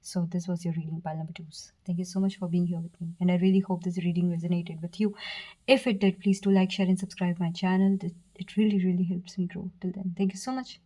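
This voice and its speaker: A woman giving a pick-a-card tarot reading, speaking softly and earnestly to the viewer, with fillers, restarts and brief whispers. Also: lowish voice, flat delivery, quick pace, poor audio. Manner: soft, earnest, direct address with fillers and self-corrections. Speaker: tarot reader.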